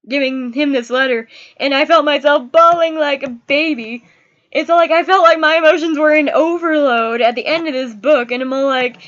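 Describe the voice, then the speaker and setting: A young woman talks through a book review in a casual, gushing way. Her voice sits high, and she gets openly emotional about the characters. The recording is dull and lo-fi. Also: fairly bright tone.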